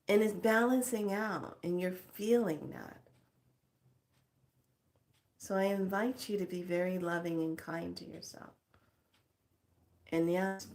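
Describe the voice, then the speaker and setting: A middle-aged woman giving a casual spiritual pep talk as a teacher, speaking frankly and expressively and laughing often. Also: on the low side.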